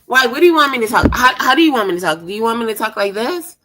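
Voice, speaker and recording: A woman's voice: fairly high pitch, expressive, very fast, background noise. A woman in her thirties in casual chat, sassy and teasing, calling people sweetie and baby. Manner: sassy, teasing, puts on voices. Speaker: chat partner.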